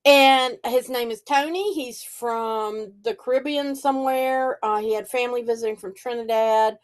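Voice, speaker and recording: Her voice sits fairly high and moves at a moderate pace. She's an older psychic reader and host chatting casually, a lively storyteller who imitates the voices of people in her anecdotes.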